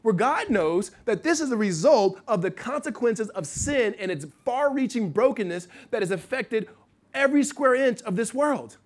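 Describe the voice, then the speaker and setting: A middle-aged man from the United States preaching a sermon in a conversational way, with restarts and asides, swinging from loud to hushed. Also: very high-pitched, expressive, moderate pace. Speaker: pastor.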